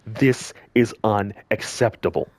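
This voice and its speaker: Angry man ranting slowly at viewers. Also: on the low side, fairly even intonation, a little mellow, no echo. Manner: scolding, heated, repeats himself for emphasis. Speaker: gaming channel commentator. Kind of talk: angry direct-to-camera rant.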